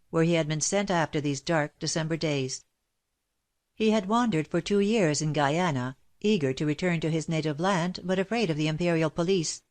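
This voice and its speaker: A woman narrating a classic novel as an audiobook in a steady, measured reading. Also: sits low. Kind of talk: scripted narration.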